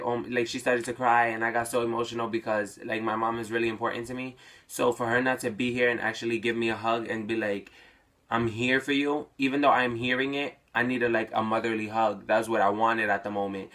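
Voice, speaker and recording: A man's voice: mid-range voice, level tone, a little fast, a bit bright. A young man telling a personal story in a casual, chatty way, full of "like" fillers.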